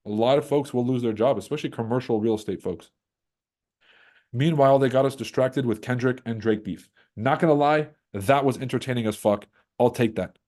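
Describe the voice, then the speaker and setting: A man's voice: mid-range voice, fairly quick. A man hosting a trading livestream, ranting casually and with lots of swearing, and now and then mocking others in put-on voices. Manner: profane, animated, mocks others in put-on voices. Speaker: livestream host.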